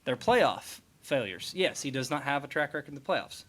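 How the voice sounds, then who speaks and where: A man co-hosting a casual sports podcast, animated and chatty with lots of fillers. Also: medium pitch, moderate pace. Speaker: podcast co-host.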